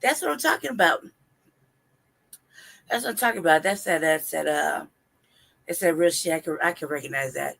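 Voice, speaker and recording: Black woman on a live stream, gravelly voice, joking and talking trash, laughs a lot. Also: sits low, moderate pace, long pauses, fairly bright tone. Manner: laughing, playful boasting, trash talk. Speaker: co-host of a live stream talk show. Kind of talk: casual live-stream chat.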